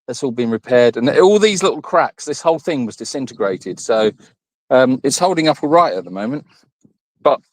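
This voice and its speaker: A man's voice: mid-range voice, a bit bright, dry recording, low-quality recording. A man hosting a casual live stream from an animal sanctuary, chatting and rambling as he greets viewers by name while walking around outdoors on his phone. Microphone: phone held in hand.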